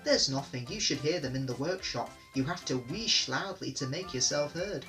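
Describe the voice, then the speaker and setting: A man's voice: mid-range voice, moderate pace, bright, forceful tone, soft background music, natural voice. Man doing an eager little tank engine. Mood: modest. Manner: eager, polite.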